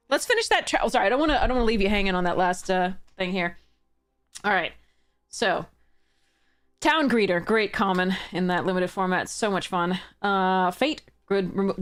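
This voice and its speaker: Exasperated young woman streaming a card game. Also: fairly high pitch. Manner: swears and laughs in frustration, swings from exasperated shouts to flat mutters. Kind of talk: casual gameplay commentary.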